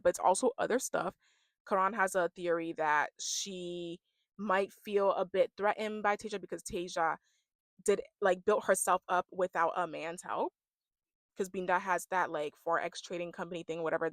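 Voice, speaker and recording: Animated woman ranting, dry close sound. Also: medium pitch, dry recording. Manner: animated, acts out quotes, swings between loud and hushed. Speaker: reality show reviewer. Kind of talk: casual rant vlog.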